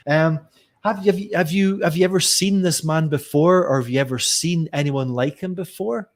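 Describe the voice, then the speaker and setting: A middle-aged man runs a live online lesson. He sounds lively and keeps asking questions. He calls on viewers by name as he goes. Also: on the high side, normal speed. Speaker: teacher trainer. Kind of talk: live online teaching session.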